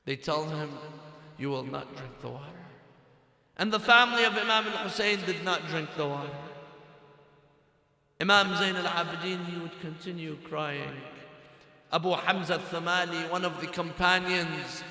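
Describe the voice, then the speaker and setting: A man with an Iraqi Arabic accent preaches in a community hall, his voice high and bright. He alternates between loud declamation and near-whispers, sometimes chanting. The long reverb of the hall trails behind him. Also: normal speed. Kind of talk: sermon storytelling. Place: mosque or community center hall. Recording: echoey hall.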